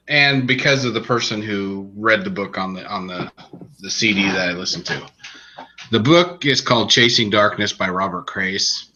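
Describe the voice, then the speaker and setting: A man's voice: fairly low pitch, muffled recording. A man on a podcast, chatting casually as he retells a book's plot in a rambling way, with restarts along the way. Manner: relaxed, rambling storytelling with restarts. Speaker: podcast co-host reviewing books. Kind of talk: casual chat.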